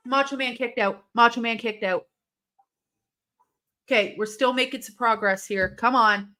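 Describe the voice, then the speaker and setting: A young woman hosting a live watch-along stream, reacting aloud to a match with excitable, swearing commentary. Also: fairly high pitch, normal speed. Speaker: livestream host.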